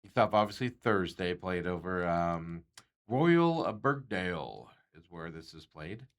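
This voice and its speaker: A man's voice: low voice, expressive, a little slow. A man hosting a sports talk show, chatting casually and rambling with frequent chuckles.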